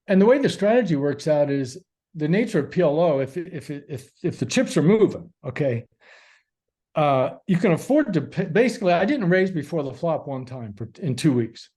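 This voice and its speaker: A man's voice: on the high side, sing-song, normal speed, warm tone, husky. A man talking as a guest author on a podcast, explaining ideas patiently step by step. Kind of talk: casual podcast chat.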